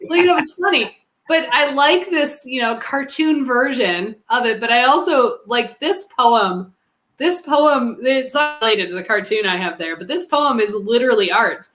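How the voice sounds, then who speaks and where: A woman's voice: on the high side, expressive, normal speed, fairly bright tone. A woman co-hosting a podcast in casual chat, laughing often and talking animatedly. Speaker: podcast co-host.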